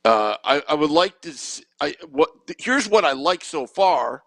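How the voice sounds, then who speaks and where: A man with a gravelly, somewhat high voice co-hosts a casual sports podcast. He rambles and restarts often while pushing strong opinions. The sound is dry and close. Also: lively intonation, a little slow, a bit bright, no echo, low-quality recording. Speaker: podcast co-host.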